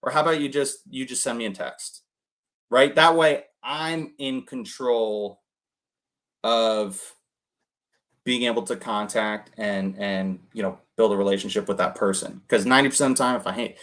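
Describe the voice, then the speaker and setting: A man's voice: fairly low pitch, moderate pace, a bit bright. A young man giving casual coaching talk as host, rambling with many fillers and acted-out quotes. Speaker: host coaching cold callers.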